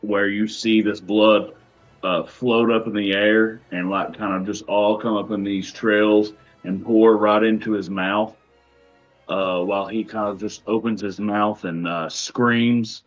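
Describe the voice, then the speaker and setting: A man acts as game master for a tabletop game, narrating in an unhurried, halting way full of fillers and pauses. His voice sits on the low side. The recording itself is a little dull and lo-fi. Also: steady tone, soft background music. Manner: hesitant, many pauses and fillers.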